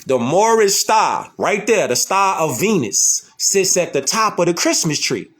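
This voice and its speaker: A man hosts a casual lecture with images, his voice high-pitched and sing-song, a bit slow, fairly bright, with a breathy edge. He speaks emphatically in slangy street talk and keeps repeating rhetorical questions.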